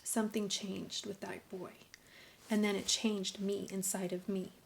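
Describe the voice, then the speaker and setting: A middle-aged woman speaking in an earnest, preachy vlog monologue. Her voice is mid-pitched, and she often sinks into a hushed whisper for emphasis before pushing back up to full voice. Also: little pitch movement, unhurried, vocal fry, a little hiss or hum. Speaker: vlogger, mother. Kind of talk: emotional personal vlog monologue.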